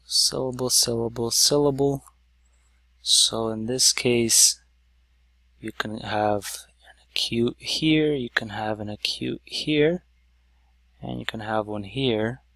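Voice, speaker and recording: Guy slowly walking through a lesson, gravelly voice, bit bright, lots of "so". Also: medium pitch, no room sound. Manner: slow, stepwise explaining with many "so"s. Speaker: teacher. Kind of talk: whiteboard lesson.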